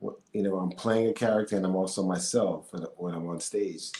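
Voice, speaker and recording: Low-voiced and fairly quick, barely pausing, a middle-aged actor-singer tells stories as an interview guest with faint music behind him. He's animated, laughs often and uses many fillers in this casual chat, recorded in an echoey room with faint noise.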